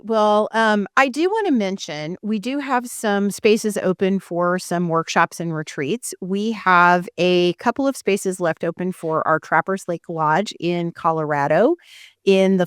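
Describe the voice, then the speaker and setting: A woman's voice: fairly low pitch, clean tone, dry recording, clean studio sound. A middle-aged woman with a Missouri accent hosting a podcast, talking in a chatty, rambling way and laughing easily. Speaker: podcast host and photographer. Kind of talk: casual podcast chat.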